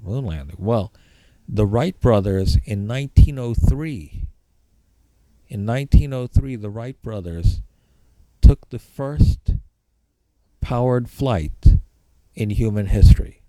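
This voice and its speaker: A man's voice: fairly low pitch, lively intonation, takes it slowly, dark tone, no echo, rough recording. A man giving an informal spoken history lecture, rambling and repeating key points for emphasis.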